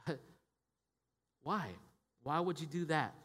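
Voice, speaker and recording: High-voiced preacher in a reverberant hall. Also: male voice, slow, a bit bright, breathy edge. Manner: conversational preaching, frequent "right?" tag questions and restarts. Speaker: pastor. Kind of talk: sermon.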